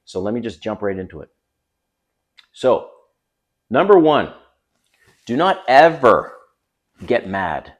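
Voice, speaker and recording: At home beside a busy street, a man coaches straight to camera, giving blunt, emphatic dating advice and swearing casually. His medium-pitched voice is very animated, though he speaks slowly with long pauses.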